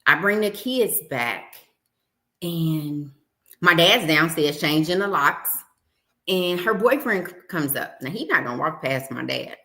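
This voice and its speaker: A woman's voice: deep voice, a little slow, roomy sound. A young adult woman hosting a livestream, telling a personal story in casual chat and acting out the dialogue. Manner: animated storyteller, acts out dialogue. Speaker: livestream host. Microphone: home livestream setup.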